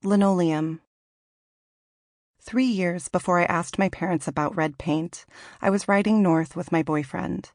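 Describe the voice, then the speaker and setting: A woman from Washington narrates her own memoir for an audiobook, unhurried and thoughtful. Her voice sits low and carries a gravelly texture. The recording is dry and close, with no room sound. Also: darkish tone, dry recording. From Washington, Pacific Northwest. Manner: measured, reflective reading.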